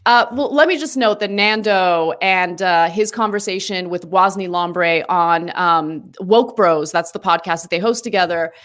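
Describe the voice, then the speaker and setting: A woman hosting a political podcast, speaking in an animated, opinionated way. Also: fairly low pitch, unhurried, few pauses. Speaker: podcast host. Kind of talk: political commentary.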